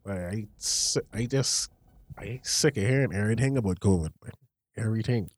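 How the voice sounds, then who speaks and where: A man's voice: fairly low pitch, normal speed. A man co-hosting a podcast in laid-back, joking casual chat. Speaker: podcast co-host.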